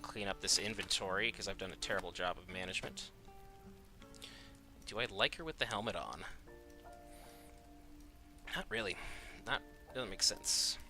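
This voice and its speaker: A man's voice: low-pitched, moderate pace, pauses often, bright, forceful tone, faint music behind. A man giving casual gameplay commentary as host of a gaming channel, joking and offhand, often talking to himself.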